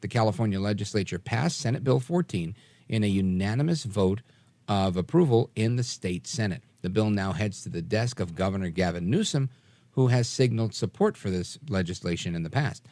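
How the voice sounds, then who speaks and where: Male radio host, forties, faint New York accent, fairly low voice, dry close sound, emphatic. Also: brisk, no room sound. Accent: New York, mostly softened. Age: 40s. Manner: energetic, emphatic, frequent fillers and restarts. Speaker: radio talk show host. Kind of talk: late-night talk radio monologue.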